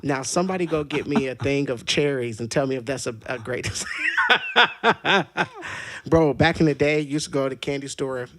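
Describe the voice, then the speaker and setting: Guy hosting a chill podcast, animated storyteller, laughs a lot, normal middle voice. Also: medium pitch, fairly quick, pauses often. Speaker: podcast host. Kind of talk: casual chat.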